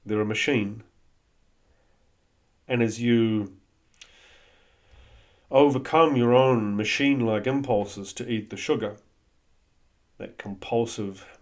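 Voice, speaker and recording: A man's voice: mid-range voice, slow, pauses often. A man giving a blunt, coaching-style talk that is peppered with swearing. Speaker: host. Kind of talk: motivational monologue.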